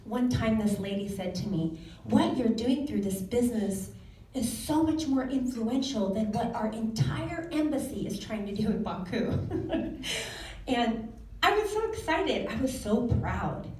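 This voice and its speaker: A woman in her forties giving a personal talk to an audience, telling stories in a lively way and laughing often. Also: on the high side, unhurried. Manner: animated storytelling with laughs. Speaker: speaker. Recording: echoey room, mic from a distance.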